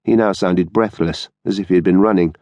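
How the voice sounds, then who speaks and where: A man narrating an audiobook in a measured, steady storytelling manner. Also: low voice, dry recording, muffled recording. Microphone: studio microphone.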